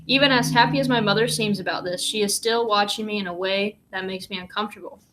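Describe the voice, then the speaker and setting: A woman reads a novel aloud in a plain, steady storytelling voice. She stops now and then for a short, easy aside to the listener. Her pitch sits in an ordinary middle range. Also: fast, a little hiss or hum. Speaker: reader and commentator.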